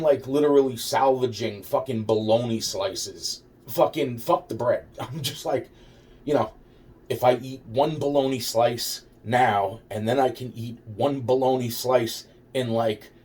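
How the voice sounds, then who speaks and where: A man's voice: mid-range voice, unhurried, darkish tone. Profane rambling man, far from mic. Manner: profane, rambling, full of restarts. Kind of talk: rambling personal story. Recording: voice distant from the mic.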